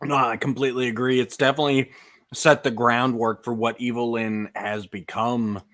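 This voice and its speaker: A man co-hosting a casual fan podcast, animated and quick to laugh, often restarting his sentences. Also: mid-range voice. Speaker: podcast co-host.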